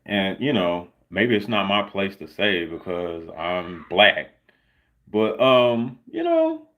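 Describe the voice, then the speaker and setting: A man talks on his own livestream in a loose, sarcastic way, often pausing on "um" and "like". His voice sits a little low and swings widely in pitch as he gets worked up. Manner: sarcastic, animated, lots of filler words. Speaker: livestream host. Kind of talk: casual solo livestream commentary.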